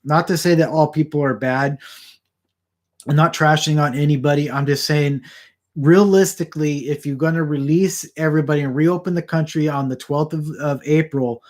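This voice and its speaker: Guy rambling at his camera a few feet off, kinda high voice, lots of restarts and repeats. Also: steady tone, moderate pace. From Southern California. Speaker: vlogger talking to camera. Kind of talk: casual rambling chat. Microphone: camera about four feet away.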